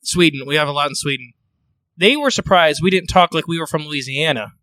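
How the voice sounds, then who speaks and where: A podcast host chats in a bright, clear voice pitched a little high for a man. He talks loosely, with fillers and jokes. The sound is close and dry. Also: fairly quick, dry recording, rough recording. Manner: chatty, with fillers and joking asides. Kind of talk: casual chat.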